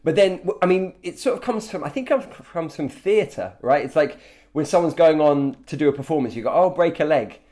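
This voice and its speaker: A young man hosting a casual interview, upbeat and chatty with quick asides. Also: fairly high pitch, mellow. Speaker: host.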